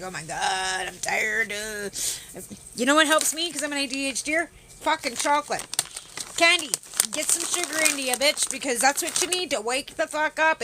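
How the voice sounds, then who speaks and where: A woman's voice: high-pitched, pushed and bright, a little hiss or hum. A woman hosting a livestream, ranting sarcastically with heavy swearing and greeting her viewers. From Canada. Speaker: livestream host. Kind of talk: casual ranting livestream chat.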